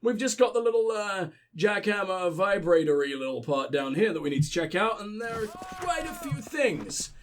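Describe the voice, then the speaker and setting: A man's voice: high voice, big pitch swings, normal speed, hardly any pauses, a little hiss or hum. A man hosting a let's play, giving casual gameplay commentary full of profanity and mocking jokes.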